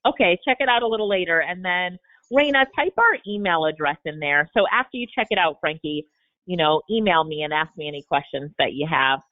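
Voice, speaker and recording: A woman with a lowish, brisk voice and lively intonation hosts an upbeat live coaching Q&A by video call, keeping things motivational. Audio is tinny, like a phone on a webinar.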